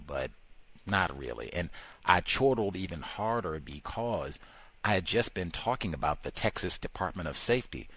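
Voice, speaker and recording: A man's voice: low-pitched, animated, normal speed, a bit bright, husky, no echo, rough recording. A man hosting a radio talk show, giving impassioned, sarcastic commentary and drawing out key words for emphasis.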